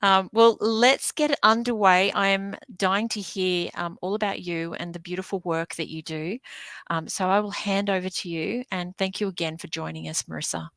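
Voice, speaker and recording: A woman's voice: medium pitch, fairly even intonation, moderate pace, a bit bright, no echo. A woman from Sydney with an Australian accent, hosting an online business event over a video call with chatty fillers and small stumbles. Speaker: event host.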